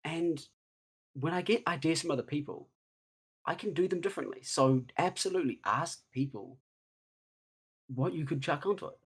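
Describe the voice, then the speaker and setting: A man's voice: on the high side, moderate pace, long pauses, slightly rough. A man, a guest chatting casually over a video call, self-deprecating and laughing often. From New Zealand. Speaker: guest blaster builder.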